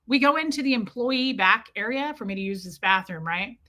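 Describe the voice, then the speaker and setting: Bright, animated woman hosting a live chat. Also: a little high, fairly quick. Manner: animated, frank and crude, greets chatters by name between story beats. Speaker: livestream host chatting with viewers. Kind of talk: casual live chat, comic storytelling.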